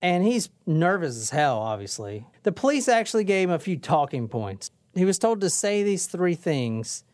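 A podcast host chatting casually, briskly setting up clips and reading from an article. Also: medium pitch, big pitch swings, darkish tone. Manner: brisk storytelling, sets up clips and reads articles. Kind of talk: casual chat.

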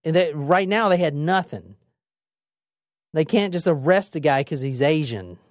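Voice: mid-range voice, unhurried, no echo, clean studio sound. A podcast co-host retelling a true crime case in a casual, dramatic way, with frequent swearing. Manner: animated, profane, dramatic retelling.

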